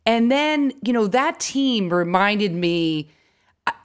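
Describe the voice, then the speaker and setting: A woman stand-up comedian chatting as a podcast guest, telling stories with quick asides and laughs. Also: medium pitch, animated, clean tone. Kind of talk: casual podcast chat.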